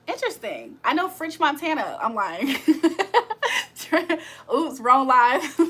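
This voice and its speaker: A woman chatting on a live stream with a bright, forceful edge to her slightly high voice. She reads out viewer comments and jokes with them, and laughs often. Her talk is loose and full of slang. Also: very animated, very slow, slight background noise. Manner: playful, joking, laughs often. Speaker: livestream host. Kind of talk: casual live-stream chat, reading comments aloud.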